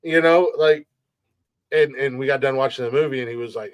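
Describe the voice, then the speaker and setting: A man hosting a podcast talks in a loose, casual way, tripping over his words and often laughing. His voice sits in a middle pitch. The sound is dry and close. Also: steady tone, racing, darkish tone, no room sound. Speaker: podcast host. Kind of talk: casual chat.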